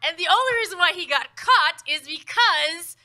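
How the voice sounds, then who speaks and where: A woman's voice: extremely high pitch, expressive, moderate pace, pushed and bright. A young woman co-hosting a casual web show, a little nervous and giggly as she tells a story. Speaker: co-host. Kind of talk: casual chat, telling a news story.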